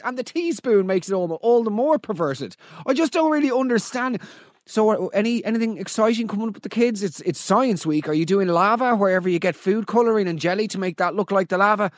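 A man hosts a comedy roast podcast in a fairly high voice, sarcastic and incredulous as he riffs and acts out little scenes. The recording is dry and close, with no room sound. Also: animated, brisk, no room sound. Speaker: podcast host.

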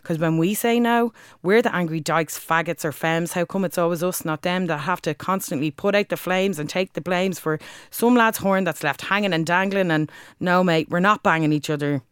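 A woman's voice: fairly low pitch, normal speed, clear, resonant tone, no room sound, studio quality. Dublin woman performing spoken word. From Ireland. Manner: rhythmic, forceful delivery with crude language. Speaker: guest, spoken word artist.

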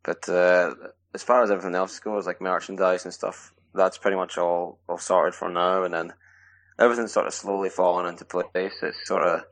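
A man from Scotland, a hockey player answering podcast questions in a relaxed, rambling way with plenty of fillers. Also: deep voice, moderate pace. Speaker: guest ice hockey player. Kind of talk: casual podcast interview.

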